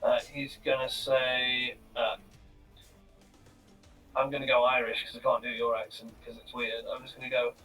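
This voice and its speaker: A man playing a tabletop game, thinking aloud in a halting, casual way. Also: mid-range voice, monotone, sharp tone. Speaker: player. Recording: distant mic with faint music.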